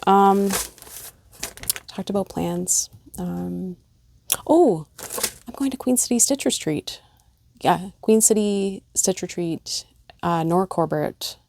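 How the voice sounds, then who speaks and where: A woman's voice: lowish voice, gravelly, mellow. A middle-aged woman chatting casually and gushing as she shows off stitching gifts in a vlog at home. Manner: chatty, gushing, many fillers. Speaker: cross-stitch vlogger. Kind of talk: casual show-and-tell chat. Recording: noticeable background noise.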